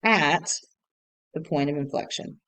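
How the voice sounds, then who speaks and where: A woman's voice: low voice, measured pace, fairly bright tone, clean tone, poor audio. A woman teacher talking students through math notes patiently, repeating key points and thinking aloud with fillers. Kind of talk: recorded lesson walkthrough.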